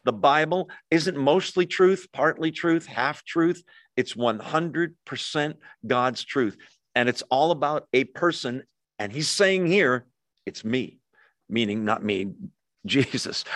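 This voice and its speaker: A man preaching a sermon with an easy, conversational delivery, checking in with his listeners through frequent questions. His voice sits at an ordinary pitch. The sound is dry and close, with no room echo. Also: expressive, slow, a bit bright. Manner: conversational, asks the audience questions. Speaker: pastor.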